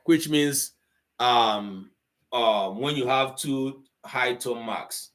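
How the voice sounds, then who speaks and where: A man teaching an online language class, pausing often with ums as he explains tone. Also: medium pitch, animated, a bit bright. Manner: slow, deliberate, with frequent ums and pauses.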